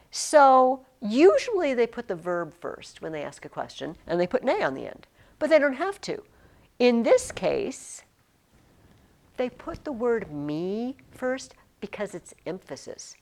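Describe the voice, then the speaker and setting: Chatty woman teaching a Latin class. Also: mid-range voice. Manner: chatty, emphatic, many fillers and restarts. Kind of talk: classroom lesson.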